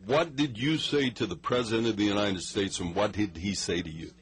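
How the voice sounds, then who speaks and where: Male radio host, husky, asks pointed questions over broadcast audio. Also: lowish voice, fairly quick, poor audio. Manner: direct, probing questions. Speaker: radio interviewer. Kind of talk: radio interview.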